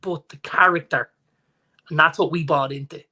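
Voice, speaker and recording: An Irish man in his forties, chatting as a podcast co-host. His voice sits a little high, and he tells stories with energy, playing out the lines of the people he quotes. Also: normal speed. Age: 40s. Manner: animated storyteller, acts out quotes. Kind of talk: casual chat.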